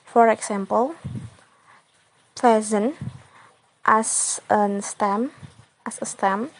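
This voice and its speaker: A young woman presents to her class in a slow, measured voice pitched a little high. She reads each example carefully, pausing between short phrases. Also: vocal fry, poor audio. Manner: careful, halting reading of examples. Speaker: student presenter.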